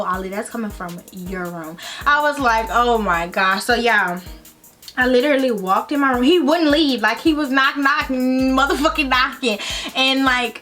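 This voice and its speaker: A woman's voice: sits high, a bit bright. A young adult woman telling a dramatic storytime on her vlog in casual, slangy talk, often addressing viewers directly. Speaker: vlogger.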